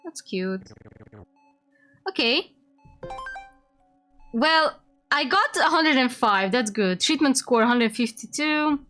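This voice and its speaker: A woman's voice: high-pitched, lively intonation, slow pace, pauses often, pushed and bright, faint music behind. Woman streamer reading game text aloud. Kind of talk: casual game commentary.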